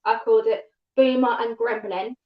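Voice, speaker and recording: Fast-talking woman with a southern English accent. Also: fairly high pitch, steady tone. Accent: southern English, London-tinged. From England, north of London. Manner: fast-talking, rambling with restarts. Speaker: livestream guest. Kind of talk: casual chat. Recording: echoey, dull livestream audio.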